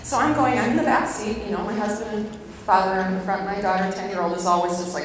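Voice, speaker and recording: Animated woman preaching in an echoey hall. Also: mid-range voice, fast talker, few pauses, a little hiss or hum. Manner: animated storytelling, bursts of mock anger and laughter. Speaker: guest speaker at a church service. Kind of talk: humorous sermon with personal story. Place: large church hall. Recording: echoey hall recorded from far off.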